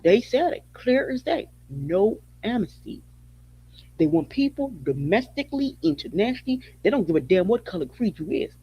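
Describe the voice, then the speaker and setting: Impassioned husky man on lo-fi audio. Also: very high voice, sing-song, moderate pace. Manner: emphatic, repetitive, preaching tone. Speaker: podcast host. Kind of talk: impassioned spoken commentary. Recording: dull lo-fi audio.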